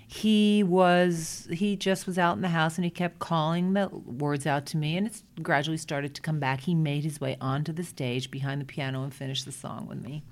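A woman from Brooklyn with a Brooklyn accent, a Broadway performer telling lively stories as an interview guest. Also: low-pitched, moderate pace, hardly any pauses. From Brooklyn, New York. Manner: lively anecdotal storyteller, frequent restarts. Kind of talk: storytelling interview chat.

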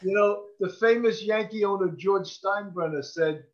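A man's voice: high-pitched, normal speed. Wisecracking male co-host, dull lo-fi sound. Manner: wisecracking, playful ribbing. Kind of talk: casual interview conversation. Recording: dull lo-fi audio.

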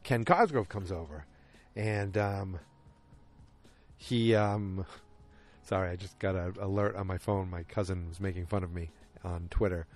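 In a low voice at a measured pace, a man casually recaps a TV episode. He rambles and keeps interrupting himself as he tells it.

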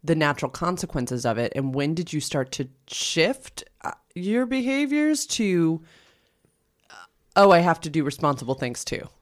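A woman's voice: low voice, big pitch swings, moderate pace. A woman co-hosting a podcast, asking thoughtful, probing questions in a conversational way. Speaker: podcast co-host. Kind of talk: conversational interviewing.

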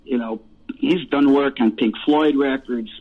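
A man's voice: medium pitch, measured pace. A man in his fifties, a musician guest, telling rambling stories with laughs and swearing. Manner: rambling, laughing, profane storyteller. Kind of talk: casual storytelling interview. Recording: tinny phone-like line.

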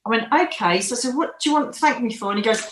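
A woman tells her stories with lively emphasis, pressing hard on key words. Her voice sits a little high. The room around her is echoey. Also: fast, a little hiss or hum. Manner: animated, emphatic storyteller. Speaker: medium, interview guest. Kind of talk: casual storytelling in an interview.

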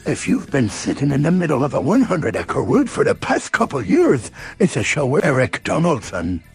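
A man voicing a bouncy robot announcer that sounds like a cartoon tiger, hooting and exaggerated, with a raspy, gravelly voice. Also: fairly high pitch, exaggerated voice. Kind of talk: comedic podcast intro bit.

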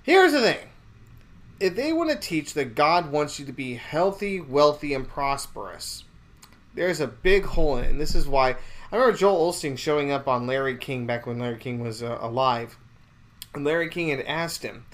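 A man's voice: a little high, expressive, normal speed. A man hosting a podcast, talking about faith in a rambling, indignant way with many restarts. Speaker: podcast host.

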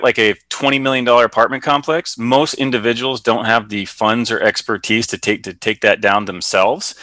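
Male interview guest, bright forward tone, explains patiently with fillers, dry sound. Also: fairly low pitch, no room sound. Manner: explains with analogies, many fillers. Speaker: guest, real estate investor. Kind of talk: conversational interview.

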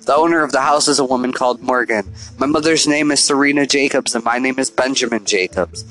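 A man's voice: medium pitch, quick pace, few pauses, a bit bright, faint music behind, low-quality recording. A man narrating a first-person horror story in an earnest, confessional, diary-like way.

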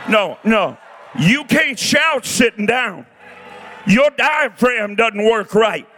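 A preacher in his sixties with a very high, bright voice, shouting his sermon in slow, drawn-out bursts. He shouts and exhorts the crowd over faint music in the background. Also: animated. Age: 60s.

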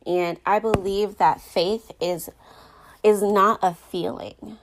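A woman's voice: mid-range voice, fairly even intonation, slow pace. A young adult woman talking about her faith in a casual, heartfelt monologue, earnest and rambling with lots of filler words. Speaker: Christian speaker sharing faith reflections.

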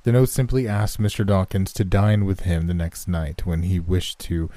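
Deep-voiced man narrating horror. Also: level tone, moderate pace, mellow, dry recording. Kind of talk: scripted narration.

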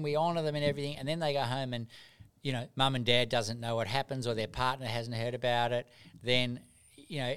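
A man's voice: medium pitch, fairly bright tone, clean tone. A middle-aged man, a doctor and mentor, telling stories earnestly in a casual interview, often repeating words as he starts.

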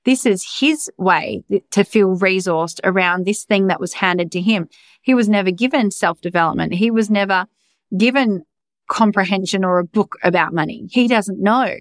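A woman's voice: medium pitch, normal speed, dry recording. A young adult woman hosting a podcast, talking in a raw, emphatic, confessional way and swearing freely. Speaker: podcast host. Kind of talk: candid personal monologue.

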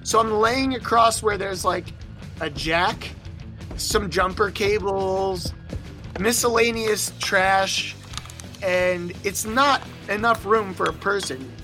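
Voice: mid-range voice, slow pace, sharp tone, soft background music. A young adult touring musician casually telling a road story, wry and profane, acting out the other people's voices.

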